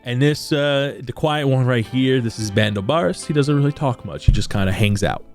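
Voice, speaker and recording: A man's voice: mid-range voice, expressive, moderate pace, soft background music. A man narrating as game master in a tabletop game, laughing often.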